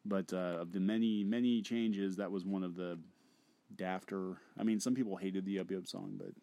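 A man's voice: low voice, steady tone, normal speed, vocal fry, dark tone, no echo, dull audio. A man co-hosting a podcast in casual chat, rambling and hesitant with many fillers. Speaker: podcast co-host.

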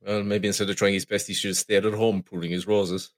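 A man's voice: on the low side, flat delivery, fast talker. A man with an Irish accent, co-hosting a casual film review chat, blunt, sardonic and prone to swearing. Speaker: podcast co-host.

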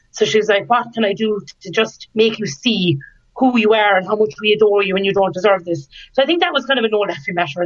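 Woman, 30s, interview guest, lively storyteller, laughs often, slightly muffled lo-fi audio. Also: medium pitch. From Ireland. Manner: lively, laughs often, acts out quoted lines. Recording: dull lo-fi sound.

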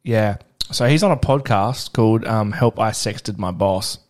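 A man's voice: lowish voice, unhurried, darkish tone. A man co-hosting a podcast, chatting casually and rambling with lots of "like" and "um". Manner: rambling, full of "like" and "um", laughs often. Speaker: podcast co-host. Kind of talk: casual banter. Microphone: podcast microphone.

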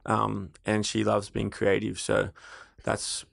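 Gravelly Australian man telling a candid story. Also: on the low side, completely flat delivery, slow, a bit bright, no room sound, studio quality. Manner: candid storyteller, swears casually. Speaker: co-founder of a fragrance brand. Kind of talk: casual interview chat.

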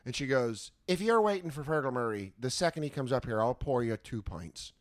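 American guy telling animated stories, swears a lot, dry close sound. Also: medium pitch, a little fast, no echo. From United States. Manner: animated storyteller, swears freely. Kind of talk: casual chat.

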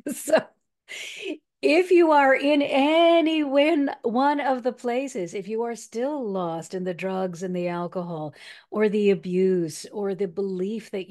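A woman spiritual counselor speaking as a podcast guest, deliberate and earnest in an encouraging way. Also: mid-range voice, mellow. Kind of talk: motivational interview talk.

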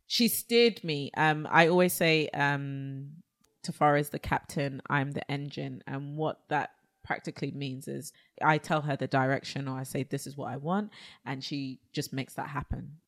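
A South London woman with a low voice, a baker and cafe owner, chats casually as an interview guest at a moderate pace. She's an animated storyteller who acts out quotes and exclaims.

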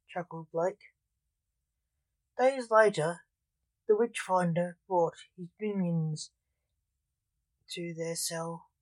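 A storyteller narrating a short tale aloud at a very slow, measured pace. The voice sits at a middle pitch. The sound is dry and close, with no room echo.

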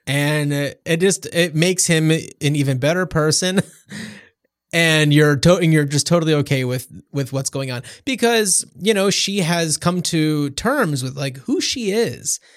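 Talking about a film on a podcast he co-hosts, a man rambles loosely, stumbling into frequent fillers and restarts. His voice is on the high side, expressive and unhurried, in a dry, studio-quality recording.

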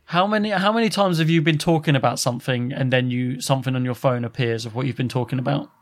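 A man's voice: mid-range voice, fast talker. A young man chatting casually on a podcast, swearing freely and acting out what people said. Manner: animated storyteller, swears casually, acts out quotes.

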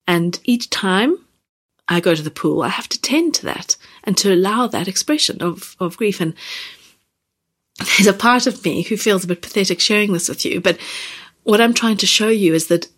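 A woman in her thirties or forties hosting a podcast, speaking gently and haltingly about personal feelings, close to tears. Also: medium pitch, lively intonation. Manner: gentle, halting, many fillers and restarts. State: near tears. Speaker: podcast host. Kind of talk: reflective personal podcast talk.

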